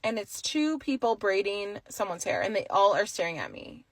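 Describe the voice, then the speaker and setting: A woman's voice: medium pitch, expressive, moderate pace, dry recording, rough recording. A woman vlogging casually into her phone, chatty and sarcastic with laughing asides, with faint noise behind her. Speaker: hairstylist vlogging. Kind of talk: casual vlog chat. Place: sitting outside a salon.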